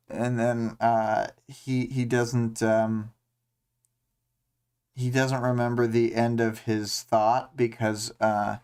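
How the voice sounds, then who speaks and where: A man's voice: medium pitch, smooth. A man hosting a casual livestream discussion, recapping a story with many ums and uhs and putting on voices for quoted lines. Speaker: podcast host.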